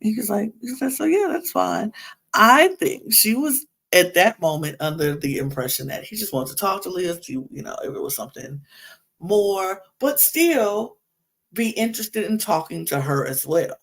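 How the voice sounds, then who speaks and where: A woman's voice: on the low side, lively intonation, moderate pace, a bit bright. A woman hosting a podcast, recapping a reality show in a chatty, rambling way with many fillers. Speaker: podcast host.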